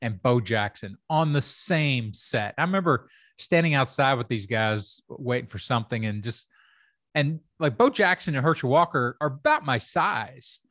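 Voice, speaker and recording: A man's voice: mid-range voice, lively intonation, normal speed, a bit bright, no room sound, clean studio sound. A middle-aged man from Kentucky, a comedy writer and stand-up comic, telling stories in a casual, rambling way with many fillers. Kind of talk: casual storytelling chat.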